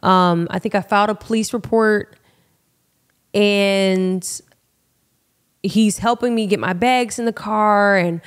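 A young woman hosting a podcast, telling a personal story in a frank, animated, casual way and calling her listeners y'all. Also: mid-range voice, slow, pauses often, clean tone. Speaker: podcast host.

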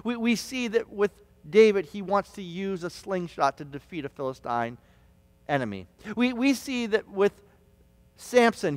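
High-voiced pastor in a reverberant hall. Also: male voice. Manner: stammering restarts, dramatic storytelling with shouted quotes. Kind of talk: sermon. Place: church hall.

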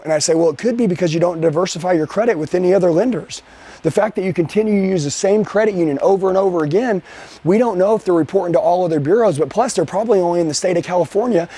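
This man's high-pitched, slightly rough voice drives a live sales training session for his team. He's forceful, keeps asking his listeners rhetorical questions, and varies his speed to hammer points home.

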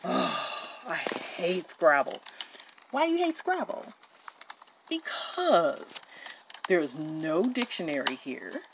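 A woman voicing a chatty young woman in a doll-play story, talking in an animated, indignant and giggly way. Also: sits low, noisy background, full character voice.

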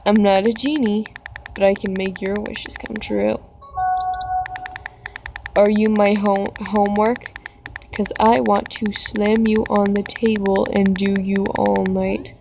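A woman reading text messages aloud for a reaction video, breaking into dramatic, expressive outbursts. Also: medium pitch, takes it slowly, music in the background, low-quality recording.

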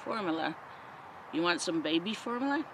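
A woman's voice: on the low side, unhurried. A woman investigating the paranormal for a vlog, nervously asking spirits short questions outdoors in a forest at night. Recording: outdoor traffic noise. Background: passing traffic.

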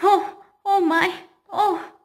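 Woman reading as a jumpy square shape from a storybook, squeaky and high, unhurried. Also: fairly even intonation, full character voice. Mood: panicked. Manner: high, loud, panicky pleading.

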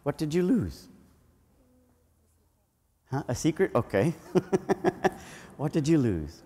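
A male priest giving a children's homily at a family Mass, telling a story with lively energy and asking the children questions. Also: fairly high pitch, slow, husky. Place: church. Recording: long church reverb.

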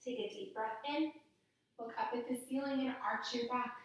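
A woman guiding children through a yoga lesson with gentle, playful cues. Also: on the high side, moderate pace. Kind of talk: guided kids' yoga lesson. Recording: echoey room, somewhat far from mic.

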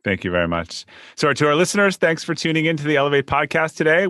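A man hosting a podcast interview, relaxed and chatty, often repeating words as he starts a sentence. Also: a little high, quick pace, faint music behind. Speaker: podcast host. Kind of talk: casual interview conversation.

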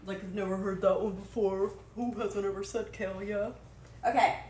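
A woman's voice: mid-range voice, steady tone, normal speed, heavy background noise. A woman hosting a live cooking stream from her home kitchen, chatty, bubbly and self-deprecating. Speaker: cooking show host. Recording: echoey kitchen with faint clatter.

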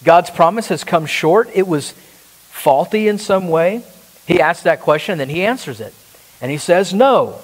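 A man's voice: high-pitched, animated, normal speed. Man preaching in a reverberant church. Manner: emphatic preaching, rhetorical questions to the congregation. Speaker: pastor. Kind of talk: sermon.

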